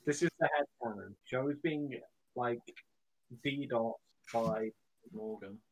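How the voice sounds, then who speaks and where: A man's voice: mid-range voice, a little slow, rough recording. A young British man co-hosting a podcast, firing off wry quips and calling his friends bro. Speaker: podcast co-host. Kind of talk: casual chat.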